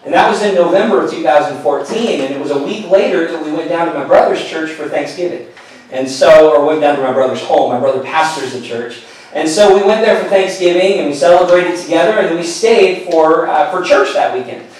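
A middle-aged pastor telling a personal story in a sermon, earnest and storytelling, often falling to a hushed voice. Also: male voice, fairly high pitch, fairly quick. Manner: earnest storytelling, drops to a hushed voice at tender moments. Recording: echoey hall, mic at a distance.

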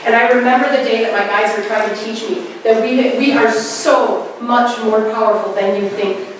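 A woman's voice: on the high side, moderate pace, a little hiss or hum. Middle-aged woman presenting in an echoey hall. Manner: animated storytelling, acting out quoted voices. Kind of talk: spiritual talk to a live audience. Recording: very echoey hall, mic at a distance.

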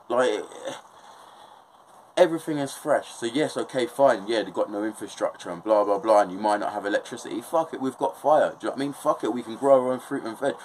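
This monologue comes from a young English-accented man from England, informal and fired up, full of swearing and constant "do you know what I mean" check-ins. His medium-pitched voice has a darkish tone, and the audio is poor with slight background noise.

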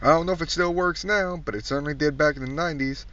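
A man's voice: a little high, fast, a bit bright. A man doing a profane comedic rant, blunt, crude and mocking. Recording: distant dull recording.

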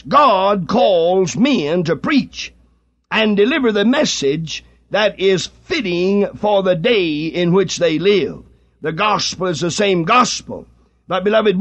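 On a dull, lo-fi archival radio recording, a middle-aged man preaches a fiery sermon packed with rhetorical questions and building fervor. His voice sits high and is a bit bright.

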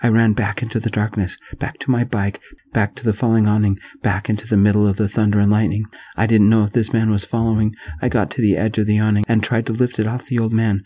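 A man telling a story in a gentle, soft-spoken reading voice. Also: lowish voice, level tone, fast talker.

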